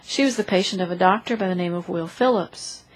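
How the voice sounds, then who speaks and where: A woman reads a story aloud in church. She is expressive and gives the characters' lines their own small voices. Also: lowish voice, a little fast, low-quality recording. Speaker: reader of a story in a church service.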